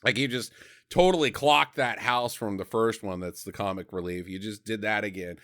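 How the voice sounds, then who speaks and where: A man's voice: lowish voice, normal speed. A man co-hosting a podcast, riffing on a bad movie in a casual, profane, joking way and acting out scenes in silly voices. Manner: animated, profane, acts out scenes in silly voices, laughs often. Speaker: podcast co-host reviewing a movie.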